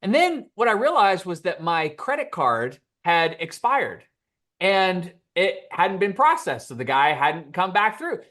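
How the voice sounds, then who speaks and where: A man speaking as a podcast guest, telling lively stories and acting out quoted dialogue. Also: high voice, measured pace. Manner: animated, acts out quoted dialogue. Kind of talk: storytelling interview answer.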